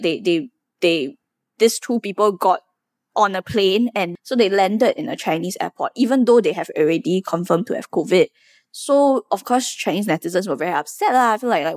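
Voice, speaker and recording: A woman's voice: fairly low pitch, no echo, clean studio sound. Chatty young woman. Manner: chatty, lively, full of fillers and acted-out quotes. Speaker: podcast host. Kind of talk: casual chat.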